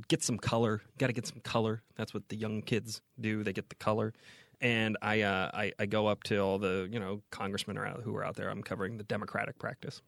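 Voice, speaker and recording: Gravelly-voiced man telling a story. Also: fairly low pitch, no room sound, clean studio sound. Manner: animated anecdote-telling with many restarts. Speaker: podcast co-host. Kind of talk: casual chat. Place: podcast booth.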